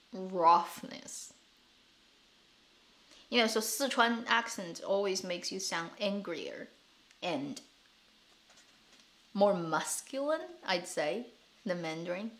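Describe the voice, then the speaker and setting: A woman's voice: lowish voice, a bit bright. A woman, chatting casually on her live stream, laughing often and repeating words as she thinks. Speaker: streamer and show host.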